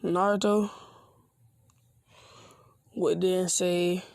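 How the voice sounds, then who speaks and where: A man's voice: sits high, little pitch movement, normal speed, gravelly, dry recording, studio quality. A man telling an improvised fan story in a loose, slangy, casual way. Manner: loose slangy delivery with restarts.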